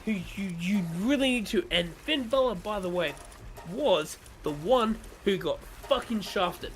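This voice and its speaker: High-voiced man ranting animatedly. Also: a little slow, a little hiss or hum. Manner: animated, opinionated ranting with swearing. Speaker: streamer co-host. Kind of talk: casual chat during a gaming stream.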